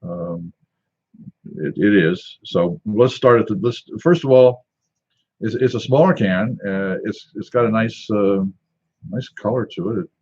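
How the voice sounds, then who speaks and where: A man's voice: on the low side, measured pace, a little mellow, lo-fi sound. Rambling wry man reviewing a drink. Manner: rambling and wry, talking to himself. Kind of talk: casual tasting chat.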